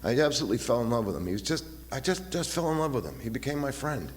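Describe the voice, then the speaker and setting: A man in his fifties giving a halting, personal talk at a recovery meeting, often repeating his words and acting out voices as he retells. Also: mid-range voice, very animated. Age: 50s. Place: meeting hall. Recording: long hall reverb, faint hiss.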